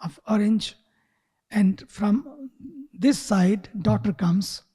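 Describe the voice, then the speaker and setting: A man giving a spiritual talk who tells a story slowly and sometimes drops to a whisper. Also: high-pitched, dark tone, breathy edge, in a large hall. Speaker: spiritual teacher. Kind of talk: sermon with storytelling. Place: retreat hall.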